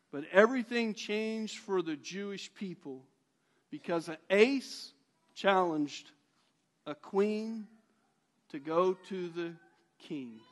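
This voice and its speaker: A male pastor retelling a Bible story in a sermon, animatedly acting out the characters' voices. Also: sits high.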